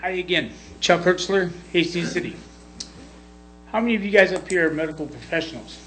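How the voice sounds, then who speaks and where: A man's voice: high voice, fairly quick, a bit bright, soft background music, poor audio. A man giving a confrontational, emotional public comment at a county board meeting, lecturing the officials. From Michigan.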